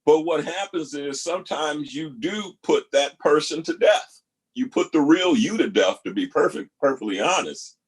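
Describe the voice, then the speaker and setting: A man hosting a talk, pausing video clips to reflect earnestly, repeating key phrases for emphasis. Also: on the high side, lively intonation, slightly rough. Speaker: host reacting to video clips. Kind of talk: reflective spoken commentary.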